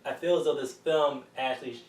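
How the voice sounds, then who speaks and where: A man's voice: mid-range voice, fairly even intonation. A man on a podcast panel, weighing in hesitantly with ums in casual film discussion. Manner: hesitant, fills pauses with um. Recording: roomy room, distant mic.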